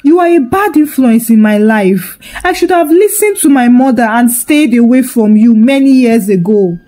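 A woman's voice: fairly high pitch, animated, moderate pace, warm tone, close to an everyday voice. A woman voicing a panicked young man who cries out in anguish over a curse. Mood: angry. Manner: anguished, crying out. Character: panicked young man, regretful rebellious son.

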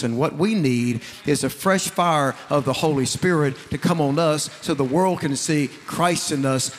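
A man preaches with emphasis, driving his points home through repetition and scripture. His voice sits high for a man. The sound carries a long reverb from a large sanctuary. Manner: emphatic preaching with repeated phrases and scripture quotes. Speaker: pastor. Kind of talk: sermon.

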